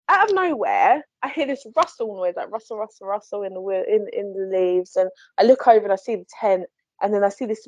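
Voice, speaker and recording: A woman, a paranormal investigator, telling a story in a chatty, animated way on a podcast, quick to laugh. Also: fairly high pitch, no room sound. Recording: dry, slightly muffled podcast audio.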